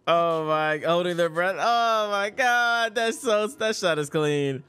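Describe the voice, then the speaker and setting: A man hosting an anime reaction, commentating excitedly in heavy slang with loud exclamations. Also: sits high, slow, smooth, dry recording.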